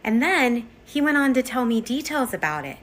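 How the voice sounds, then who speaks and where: A woman's voice: a little high, very animated, moderate pace, a bit bright. A mother speaking directly to her viewers, chatting as she tells a story about her children. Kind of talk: casual storytelling to camera.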